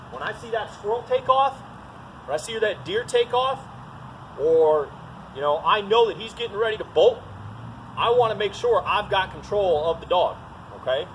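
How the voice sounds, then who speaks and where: A man demonstrating dog training outdoors, explaining drills and giving short commands and praise to his dog. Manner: instructive, breaks into high excited praise for the dog. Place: outdoors in a field. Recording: noisy outdoor recording.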